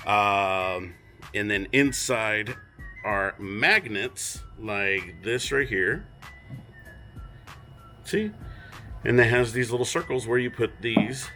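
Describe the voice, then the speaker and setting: A man casually showing and talking about his statue collection, rambling and retelling conversations with lively quoted voices. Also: mid-range voice. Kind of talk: casual unboxing vlog.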